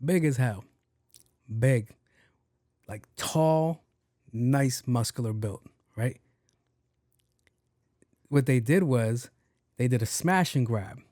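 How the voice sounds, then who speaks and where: Male podcast host, casual profane storyteller, mid pitch, dead-dry sound. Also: slow, long pauses, dry recording. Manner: animated, profane, acts out dialogue.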